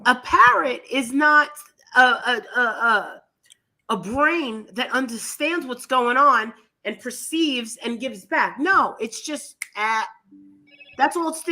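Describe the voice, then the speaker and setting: A woman hosting a casual commentary chat, talking in a blunt, animated and scornful way. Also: high voice, slow. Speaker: commentary channel host.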